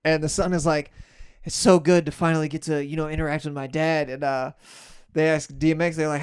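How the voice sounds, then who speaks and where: A man's voice: fairly high pitch, brisk, smooth. A man co-hosting a comedy podcast, telling stories in casual chat and acting out quotes with animation. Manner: animated storytelling, acts out quotes. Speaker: podcast co-host.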